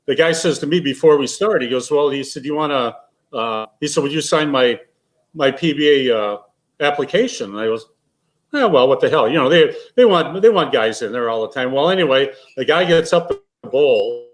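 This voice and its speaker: A man's voice: medium pitch, animated, normal speed, rough recording. Older man telling rambling stories. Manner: rambling anecdotes with restarts and laughs. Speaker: guest, retired pro bowler. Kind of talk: casual storytelling.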